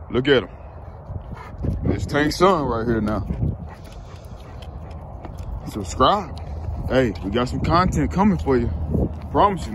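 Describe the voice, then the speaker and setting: A man talking casually and coaxing his dog as he walks outside, in a laid-back vlog style. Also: on the high side. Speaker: vlogger, dog owner. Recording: noisy outdoor street sound.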